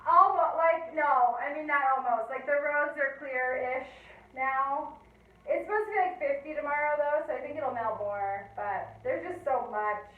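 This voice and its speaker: A woman barre instructor leading a live online workout class with calm, encouraging step-by-step cues, then chatting casually. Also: high voice, moderate pace. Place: home in Denver. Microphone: video call. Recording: tinny, distant, roomy video-call audio.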